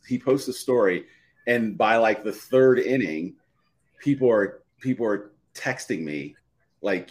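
A middle-aged man with a fairly low voice tells a long, heartfelt story. He rambles, doubles back and restarts his phrases as a guest on a live show. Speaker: podcast guest.

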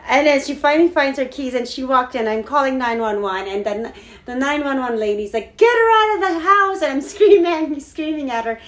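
A woman's voice: sits high, normal speed. A woman co-hosting a casual podcast, telling a story with lots of swearing and acting out her own panic. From lives in Hawaii. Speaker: podcast co-host. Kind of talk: casual chat.

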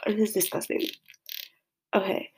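A woman's voice: normal speed, a little mellow, rough recording. A young woman crying while reacting to a tribute, flustered and self-mocking, squealing in disgust. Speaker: vlogger.

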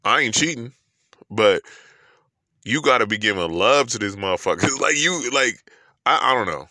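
A man's voice: lowish voice, lively intonation, normal speed, bright, forceful tone, no room sound, clean studio sound. A man with a New York accent ranting about love in a profane, emphatic monologue full of rhetorical questions.

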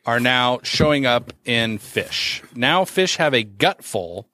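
A man's voice: mid-range voice, animated, takes it slowly, bright, forceful tone, no room sound, studio quality. A man hosting a podcast, rambling casually with many fillers and reading out a news story. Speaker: podcast host.

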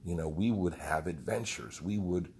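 A man's voice: sits low, moderate pace, darkish tone, a little hiss or hum. A man who leads a group fitness program, telling a rambling, heartfelt story with some swearing. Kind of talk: casual storytelling monologue.

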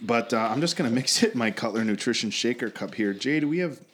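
A man's voice: mid-range voice, expressive, fast. A man hosting a podcast in casual chat, rambling and swearing, often laughing as he talks. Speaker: podcast host.

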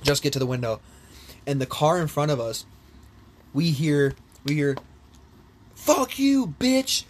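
A young man spinning a rambling story in casual talk, swearing freely and breaking into laughs. His voice sits at an ordinary pitch for a man. A faint hiss of noise runs under the recording. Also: normal speed, long pauses. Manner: animated storyteller, swears a lot, laughs often. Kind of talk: casual chat.

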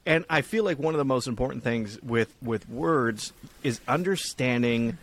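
A young man co-hosting a casual podcast, talking in loose, rambling runs and restarting his sentences. He swears freely and his voice sits at an ordinary middle pitch. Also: normal speed, a bit bright. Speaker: podcast co-host. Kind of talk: casual chat.

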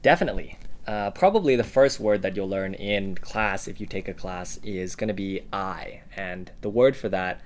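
A man co-hosting a language-learning podcast, giving word examples in a measured, halting way with frequent "uh". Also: deep voice. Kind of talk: casual explanatory teaching.

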